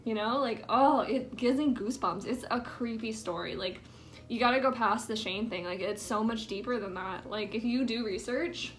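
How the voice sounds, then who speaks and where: Doing her makeup indoors at home, a young woman vlogger chats at normal speed in a voice on the high side. Her talk is rambling and full of fillers, and at times she lowers it to a whisper.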